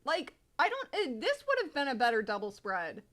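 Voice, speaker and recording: A woman streamer reading a manga aloud, chatty and animated, swearing freely. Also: sits high, moderate pace. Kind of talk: casual live-stream commentary.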